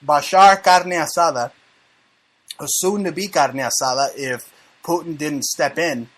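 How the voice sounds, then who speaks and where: This is an American talk show host with a fairly high, slightly bright voice. He runs a casual show, reading the news in a brash, profane way while joking and mocking.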